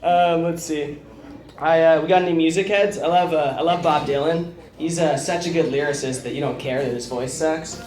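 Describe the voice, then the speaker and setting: Chatty stand-up comic in a roomy club. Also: male voice, fairly high pitch, fairly even intonation, normal speed, darkish tone. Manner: chatty, laughing at his own jokes. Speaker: stand-up comedian. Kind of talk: stand-up set. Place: comedy club stage.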